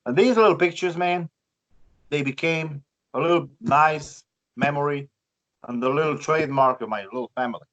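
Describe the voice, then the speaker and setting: A man from Romania with a Romanian accent, telling a personal story in a halting, chatty way with many repeated words. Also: a little high, a bit bright, muffled recording. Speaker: guest, bus collector. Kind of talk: casual storytelling.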